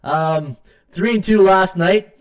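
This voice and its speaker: Middle-aged guy running a betting livestream, kinda high voice, rambly, lots of uh's. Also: takes it slowly. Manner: rambling, chatty, reads chat comments aloud with many "uh"s. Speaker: sports betting podcast host. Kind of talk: casual live-stream chat.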